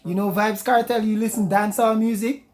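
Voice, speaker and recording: A woman's voice: medium pitch, fairly even intonation, a little fast, a little mellow, faint music behind. A woman streamer pranking strangers on a video chat, putting on a Jamaican accent, teasing and giggling as she greets people with slang. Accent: put-on Jamaican.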